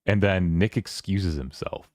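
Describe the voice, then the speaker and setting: A man's voice: low-pitched, a little mellow, no room sound, studio quality. A man streaming a casual book club chat, rambling through a novel's scenes with lots of fillers. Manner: rambling, filler-heavy, quoting characters in quick voices.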